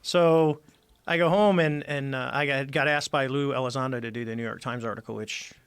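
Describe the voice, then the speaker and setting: A man's voice: medium pitch, steady tone, brisk, clear, resonant tone, dry recording. A middle-aged man, a former Navy squadron commander, telling a story as a podcast guest and acting out the dialogue as he goes. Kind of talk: casual storytelling interview.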